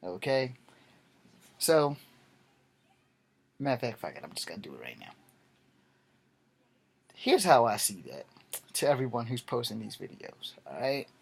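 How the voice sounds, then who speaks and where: A man's voice: medium pitch, sing-song, measured pace, creaky, long pauses, breathy edge. A tired middle-aged man ranting bluntly to camera late at night, rambling and swearing freely. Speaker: vlogger.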